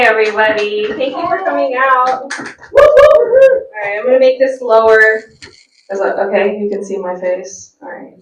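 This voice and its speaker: Woman doing slow storytelling stand-up. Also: fairly high pitch, a bit bright. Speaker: stand-up comic. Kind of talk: stand-up comedy. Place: live comedy event indoors. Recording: roomy venue sound from a distant mic.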